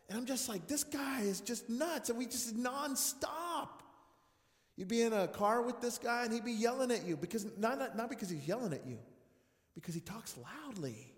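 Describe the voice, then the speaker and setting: A high-voiced man preaches with lively, swooping pitch, telling stories and acting out dialogue. He swings from loud bursts to near-whispers. The sound carries a long, echoing reverb from a church hall. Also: moderate pace. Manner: animated, acts out dialogue, swings loud and soft. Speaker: pastor. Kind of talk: storytelling sermon. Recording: echoey room with long reverb.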